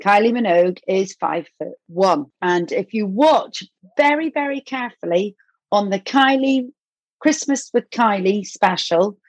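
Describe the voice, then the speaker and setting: A woman with an Irish accent, a podcast guest telling a story with lively energy and acting out the quotes. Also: mid-range voice, unhurried, no room sound. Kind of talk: animated anecdote-telling.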